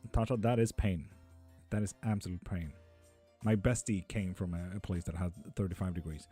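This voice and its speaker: A man's voice: sits low, steady tone, normal speed, dark tone, breathy edge, faint music behind. Sweary, chatty man streaming tarot. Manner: sweary, chatty, laughing often. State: hot and sticky. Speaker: livestream tarot reader. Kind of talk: casual live-stream chat, reading comments.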